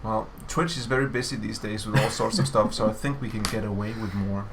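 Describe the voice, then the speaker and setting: A man's voice: on the low side, fairly even intonation, fairly quick, creaky, background noise. A man hosting a developer livestream, chatting casually and teasing his co-host while showing player builds. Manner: jokey, teasing, playful. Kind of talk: casual chat over gameplay.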